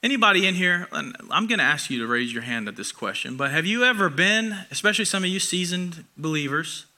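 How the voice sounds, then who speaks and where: A young man preaching a sermon in a conversational, self-deprecating way, booming loud for emphasis and then dropping to a soft near-whisper. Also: lively intonation, fairly quick.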